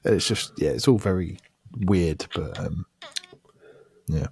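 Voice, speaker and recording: A man's voice: deep voice, slow, vocal fry, darkish tone, husky. Laid-back man on a podcast. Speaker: podcast co-host. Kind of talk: casual podcast chat.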